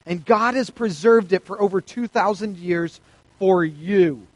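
A youth pastor with a high voice speaks at an unhurried pace in a dry, echo-free recording. Delivering a casual sermon to teenagers, he keeps it chatty, acts out quotes, and quizzes the crowd.

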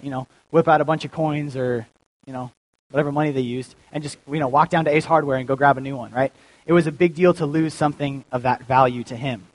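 A man's voice: fairly high pitch, poor audio. A young man giving a casual, joking sermon as a youth pastor, full of fillers and restarts. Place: church.

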